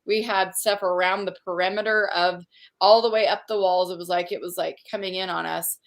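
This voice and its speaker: A woman's voice: fairly low pitch, steady tone, a little fast. A woman hosting a livestream conference, chatting casually and effusively while reading out viewer comments. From Utah. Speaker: conference host.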